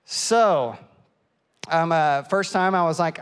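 A middle-aged man preaching a sermon and telling a lively, self-mocking story, acting out the people in it. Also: a little high, slow pace, clear, resonant tone. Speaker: pastor. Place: church auditorium. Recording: long hall reverb.

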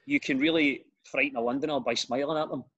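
A middle-aged comedian and radio presenter with a Glasgow accent, chatting easily in a podcast interview and telling self-deprecating stories. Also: male voice, mid-range voice, fairly even intonation, quick pace, a bit bright, slightly rough, highs cut off. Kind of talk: casual podcast chat.

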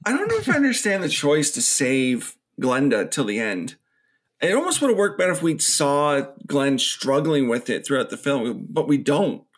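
Male podcast co-host, relaxed chatty plot recap. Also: a little high, normal speed. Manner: recaps plot, acting out quotes in put-on voices. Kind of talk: casual film review chat.

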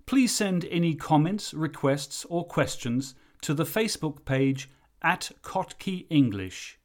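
Slow, lively-voiced male English teacher. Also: fairly high pitch. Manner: slow, careful explanatory delivery. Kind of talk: recorded lesson narration.

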